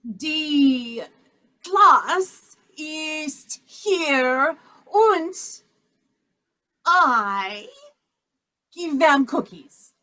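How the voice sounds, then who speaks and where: A woman improvising comedy scenes, playful and quick to laugh. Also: high voice, animated, bright, forceful tone. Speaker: improv performer.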